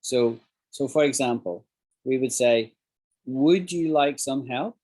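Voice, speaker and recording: A man's voice: mid-range voice, takes it slowly, darkish tone. A man teaching an English class over a video call, explaining phrases and acting out examples.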